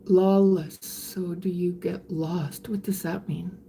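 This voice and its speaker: Gravelly older woman livestreaming. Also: fairly low pitch, steady tone, dark tone, slight background noise. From Canada. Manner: halting, frequent restarts, candid and reflective. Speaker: livestreamer reading viewer comments. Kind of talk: casual live-stream chat.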